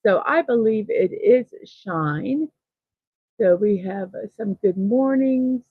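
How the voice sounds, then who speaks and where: Slow, chatty woman hosting a morning stream. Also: mid-range voice, lively intonation, slightly rough, dry recording, narrow, tinny audio. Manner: slow, chatty, thinking aloud, with soft laughs. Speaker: host of a daily morning livestream. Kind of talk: casual livestream chat, reading chat messages.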